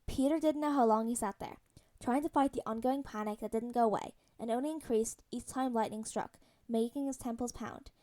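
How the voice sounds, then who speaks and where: Soft-voiced woman reading a story. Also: a little high, fairly quick, hardly any pauses. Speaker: podfic reader. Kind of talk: audiobook-style fan fiction reading.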